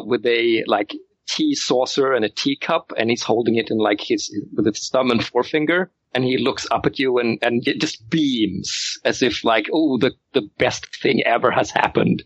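A man's voice: medium pitch, a bit bright, dry recording, highs cut off. A man narrating as game master of a tabletop game, rambling and often restarting his sentences. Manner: rambling, full of fillers and restarts.

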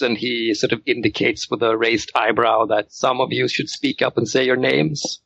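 A man's voice: medium pitch, steady tone, normal speed, creaky, hardly any pauses, a bit bright, no echo. Guy gm-ing a tabletop game, lots of uh and like, dry muffled mic. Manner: rambling, full of fillers and restarts. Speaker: game master.

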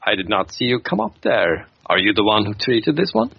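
A man's voice: lowish voice, sing-song, a little fast, creaky, husky, dull audio, heavily acted. A man voicing an odd, well-travelled male dwarf mystic who speaks formally and a little pompously. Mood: courteous.

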